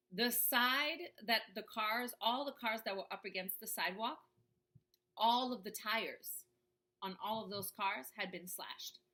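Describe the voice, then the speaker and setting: A woman's voice: mid-range voice, bright, forceful tone. A woman coaching viewers in a casual talk to camera, checking in with "right?" as she goes. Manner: conversational, often asks "right?".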